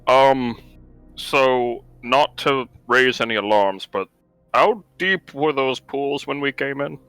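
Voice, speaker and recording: Joking guy at a game table, sharp bright voice, lotta ums, faint music under it. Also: medium pitch, slow, clear, resonant tone, no echo. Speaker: player. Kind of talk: casual tabletop banter.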